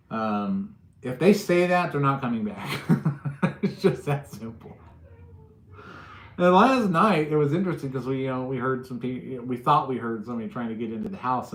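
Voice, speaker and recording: A man's voice: mid-range voice, moderate pace, reverberant. A man hosting a casual livestream, telling stories and acting out what people said. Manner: animated storyteller, acts out quotes. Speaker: livestream host.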